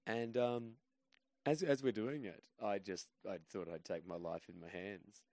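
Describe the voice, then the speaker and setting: A man with a fairly low voice tells rambling, self-deprecating stories as a podcast guest. He sounds casual and chatty. The close mic gives a dry sound with no room echo. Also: steady tone, unhurried, warm tone. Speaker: guest comedian.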